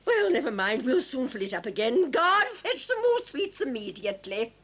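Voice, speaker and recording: A woman voicing a spoiled, imperious queen in an animated dub, haughty and commanding. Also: high-pitched, normal speed, slight background noise. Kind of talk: animated series dub acting.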